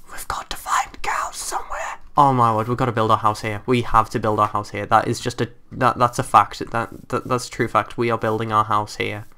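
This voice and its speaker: A young man giving excitable, chatty commentary on a game he is playing, often exclaiming and talking to creatures in it. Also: mid-range voice, smooth. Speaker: gameplay commentator. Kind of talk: casual let's-play commentary. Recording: faint background hiss and typing clicks.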